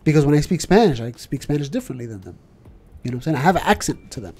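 New york guy ranting on a podcast, kinda high mellow voice, keeps going you know what i'm saying. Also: very animated, racing. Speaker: podcast co-host. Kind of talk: casual chat.

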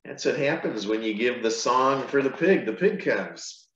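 A man, a pastor, reading a picture book aloud to children, with gentle, chatty asides between pages. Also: mid-range voice, lively intonation, moderate pace. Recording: echoey room, dull lo-fi sound.

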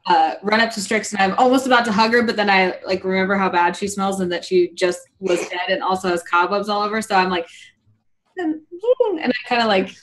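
A woman's voice: medium pitch, fairly even intonation, a little fast, fairly bright tone, a little hiss or hum. A woman playing a tabletop game, upbeat and chatty. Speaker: player. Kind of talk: casual tabletop-game play.

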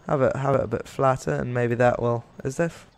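A man's voice: medium pitch, steady tone, fairly quick, gravelly, no echo. A young man giving casual, rambling commentary over a game, talking to the animals on screen and getting exasperated with them. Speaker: gaming YouTuber.

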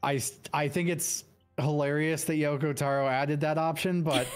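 A man's voice: on the high side, fairly even intonation, moderate pace, smooth, faint music behind. A man co-playing a game, chatting casually, stammering and joking dryly. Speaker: co-op gaming partner. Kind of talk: casual gaming chat.

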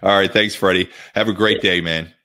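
A man's voice: low-pitched, fairly even intonation, normal speed, sharp tone. A man hosting a podcast, wrapping up an interview in an upbeat, chatty way with many fillers. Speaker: podcast host. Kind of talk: casual interview chat.

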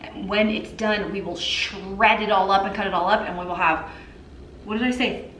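In an echoey home kitchen, a cooking vlogger in her thirties, a mother, keeps up a chatty, upbeat cook-along conversation with viewers. She speaks at a moderate pace in a mid-range, fairly bright voice with fairly even intonation, over slight background noise.

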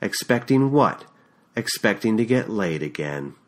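A man reading an audiobook and voicing a bitter, scornful middle-aged woman who mocks and erupts into shouting, recorded on a USB condenser mic. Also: lowish voice, big pitch swings, unhurried. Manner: sharp-tongued, mocking, erupts into shouting.

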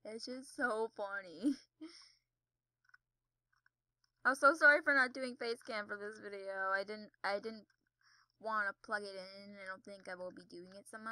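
A woman's voice: mid-range voice, takes it slowly, long pauses, bright, forceful tone, no room sound, rough recording. A young woman giving chatty, giggly commentary while playing a video game, yelping when she falls. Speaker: gaming video creator. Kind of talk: casual gameplay commentary. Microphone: desk mic with audible keyboard.

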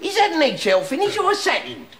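A man's voice: very high voice, very animated, fast talker, a crowd in the background. An actor playing an interfering older father who fussily corrects everything, in a TV comedy sketch. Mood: nagging. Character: interfering older London dad, know-it-all nag. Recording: TV sketch with loud studio audience laughter.

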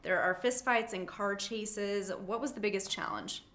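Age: adult. Sex: woman. Role: interviewer at a press junket. Pitch: middle. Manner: chatty, laughs easily. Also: normal speed, fairly bright tone, a little hiss or hum.

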